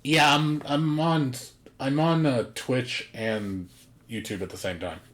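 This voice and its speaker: A man's voice: medium pitch, steady tone, takes it slowly, fairly bright tone. A man streaming a game, chatting casually with a blunt, profane, ranting manner. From United States. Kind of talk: casual chat.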